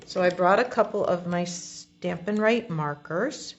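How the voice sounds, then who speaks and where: A woman demonstrating card making, explaining each step in a relaxed, chatty way as she works. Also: lowish voice, measured pace, dull audio. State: has the hiccups. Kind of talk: crafting tutorial.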